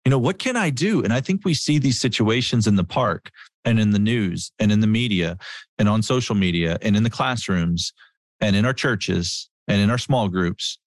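A middle-aged man preaching in an earnest, conversational way, leaning on stories and hammering key words through repetition. His voice sits low. The sound is dry and close, with almost no room around it. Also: normal speed, no echo. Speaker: Christian speaker.

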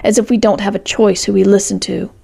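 Woman reading a defiant young heroine, stubborn, fiery, gravelly voice, dark mellow tone. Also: mid-range voice, level tone, fast. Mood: grim.

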